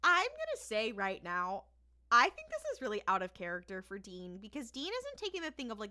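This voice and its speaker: A woman's voice: a little high, brisk. A woman co-hosting a podcast, casually recapping a TV episode with frequent laughter and free swearing. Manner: laughs often, swears freely, animated retelling. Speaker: podcast co-host.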